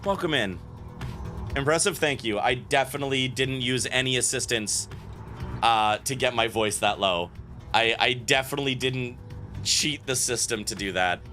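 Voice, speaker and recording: A man with a medium-pitched, sharp-toned voice streams a game at a moderate pace, joking around with viewers and reading the on-screen text aloud. It's casual gameplay commentary, with faint game music in the background.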